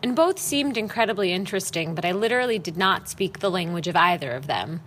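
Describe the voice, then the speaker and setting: Bright-voiced woman telling candid stories. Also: fairly low pitch, fast, a little hiss or hum. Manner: frank, self-deprecating, swears casually; expressive storytelling with acted-out quotes. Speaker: podcast host. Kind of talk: candid personal monologue.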